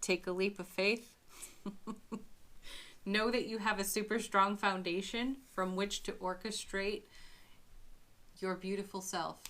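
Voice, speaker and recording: A tarot reader gives her viewers a spiritual reading, speaking gently in a medium-pitched voice and frequently slipping into soft little laughs.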